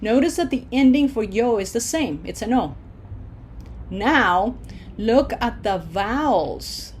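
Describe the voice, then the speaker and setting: A woman teaching a recorded language lesson who is patient, checks in often with "okay?" and "right?", and slows down to model words. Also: a little high, expressive, slight background noise. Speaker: Spanish teacher.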